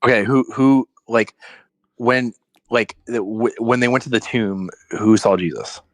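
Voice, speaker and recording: A man's voice: mid-range voice, a little slow, dry recording. A man arguing in a live online debate, combative and interrupting, stacking repeated words as he pushes his point.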